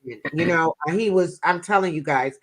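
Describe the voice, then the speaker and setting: A woman's voice: on the low side, brisk. A woman vlogger casually telling viewers a personal story in a chatty, folksy way.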